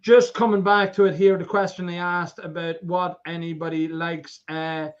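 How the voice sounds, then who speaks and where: An Irish man hosting a livestream in a loose, joking way, teasing his guest and reading out comments. His voice sits a little high, and the recording sounds dull and lo-fi. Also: level tone, normal speed. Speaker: auction livestream host. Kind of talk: casual livestream banter.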